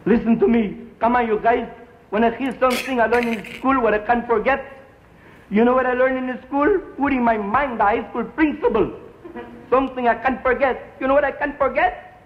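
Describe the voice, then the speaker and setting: A man's voice: extremely high pitch, a little fast, echoey room, a little hiss or hum, pitched above the performer's own voice. A man playing an accented teen gang speechmaker. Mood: earnest. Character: cocky teen gang kid giving a speech. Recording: dull lo-fi 1950s TV broadcast.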